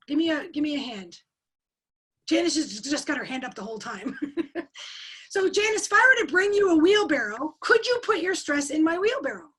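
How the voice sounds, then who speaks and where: Teaching an interactive webinar for an online coaching forum, a woman with a high voice coaches over a video call. She's energetic, putting questions to the audience and repeating key words.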